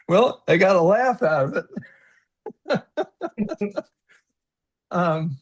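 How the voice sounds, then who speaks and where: A man's voice: sits high, lively intonation, extremely slow, long pauses, husky. A man giving a webinar talk over a video call, telling personal stories in an earnest, reflective way. He often repeats words and restarts sentences, and he chuckles at his own stories. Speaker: presenter on a webinar panel.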